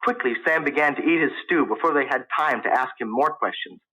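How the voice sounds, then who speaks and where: A man's voice: medium pitch, fairly quick, pushed and bright, poor audio. A man narrating a story in the first person, in a plain storytelling manner. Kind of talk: audiobook narration.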